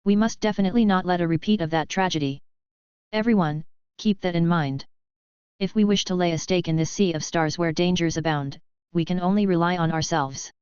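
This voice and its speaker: A woman voicing a stern, cold male battalion commander with a severe voice, in a measured, even delivery. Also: on the low side, clean tone, no echo, lightly acted. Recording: slightly dull dry recording.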